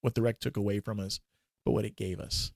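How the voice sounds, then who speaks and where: Gravelly man telling a personal story. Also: lowish voice, fairly even intonation, darkish tone, no echo, studio quality. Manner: halting, emotional, with many restarts. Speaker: podcast guest; minister.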